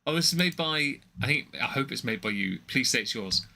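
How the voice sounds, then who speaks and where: Young guy doing livestream commentary, super bright sharp voice, rambly and mocking, lots of ums. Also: medium pitch, expressive, brisk, gravelly. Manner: rambling, mocking, many fillers and restarts.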